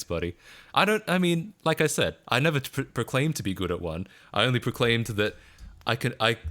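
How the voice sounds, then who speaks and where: A man's voice: fairly low pitch, a bit bright. A man with an Australian accent chatting casually on a live stream, rambling and self-deprecating with frequent chuckles.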